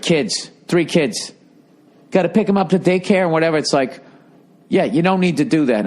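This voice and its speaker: Middle-aged male podcast host, profane and blunt, casual comedic rant. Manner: profane, blunt, swings loud and high for emphasis. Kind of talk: casual comedic rant reading listener emails.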